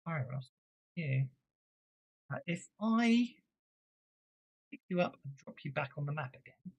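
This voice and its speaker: A game master running an online tabletop game, chatting with fillers and muttering while fixing the software. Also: medium pitch, lively intonation, a little slow, husky, dull audio.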